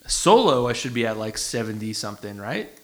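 A man's voice: on the low side, very animated, fairly quick, a bit bright. A man co-hosting a movie podcast in casual chat, bantering and self-deprecating. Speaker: podcast co-host.

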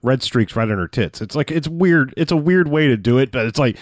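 A man's voice: mid-range voice, expressive, fairly quick, no echo, clean studio sound. A man casually recapping a movie plot as a podcast co-host, rambling with lots of "like"s and a sardonic edge. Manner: rambling, many "like"s and restarts, sardonic.

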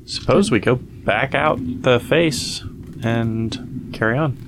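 A man's voice: medium pitch, slow, a bit bright, a little hiss or hum. A man playing a tabletop game, chatty and rambling with lots of filler words. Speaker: player. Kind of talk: casual tabletop game chat.

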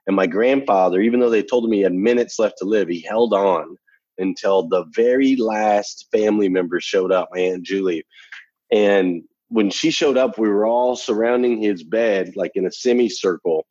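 A man's voice: fairly low pitch, normal speed, darkish tone, husky, dry recording, dull audio. A man guest telling a personal story in a casual conversation, emphatic and repeating phrases for effect, ending with a motivational challenge. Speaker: podcast guest.

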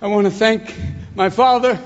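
A man's voice: sits high, fairly even intonation, dull audio, a little hiss or hum. A man, a comic actor, bantering on a talk show and jumping in and out of voices. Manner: rapid-fire, jumps into voices. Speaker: comedian and actor. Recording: loud audience and clicks.

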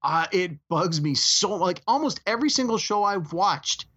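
A man's voice: sits high, expressive, normal speed, pushed and bright, husky. A man co-hosting a movie podcast, ranting animatedly about a pet peeve and acting out quoted lines. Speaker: podcast co-host. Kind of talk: casual podcast chat. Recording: dull lo-fi audio.

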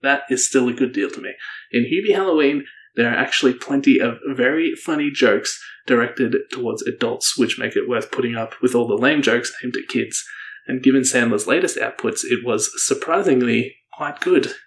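A man co-hosting a casual podcast, reviewing a movie in a chatty, joking way with quick asides. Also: mid-range voice. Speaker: podcast co-host. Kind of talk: casual chat.

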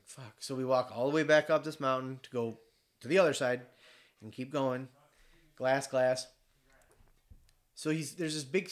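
A man from Michigan telling a hunting story in casual chat, animated and swearing freely as he acts out the voices of the people in it. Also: medium pitch.

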